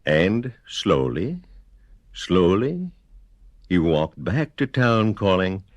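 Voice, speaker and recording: A man reading a children's story aloud slowly in a sing-song, very expressive way. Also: low-pitched, no room sound. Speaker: radio theater storyteller.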